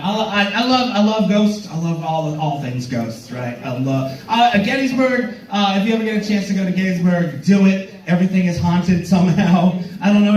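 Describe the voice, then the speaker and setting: A man performing stand-up on a club stage, his high voice bouncing all over the place. He rambles and trips over restarts as he jokes with the audience, and the sound is roomy, from a mic some distance away. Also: a little mellow. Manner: rambling, stammering restarts, playful crowd banter. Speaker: stand-up comedian headlining. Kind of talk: stand-up comedy set with crowd work.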